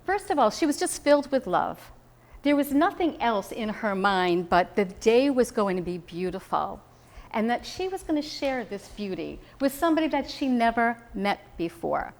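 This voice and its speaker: A woman's voice: a little high, sing-song, moderate pace, darkish tone. Chatty woman minister giving a sermon. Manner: chatty storytelling, laughs easily. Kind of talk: conversational sermon. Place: spiritual center meeting room. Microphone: hidden mic.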